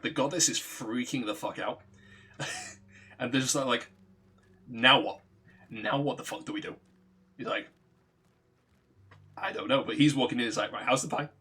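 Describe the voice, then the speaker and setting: A man casually recounting a tabletop game session, animated, swearing freely and laughing often. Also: mid-range voice, husky. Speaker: streamer recounting a tabletop campaign. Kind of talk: casual storytelling.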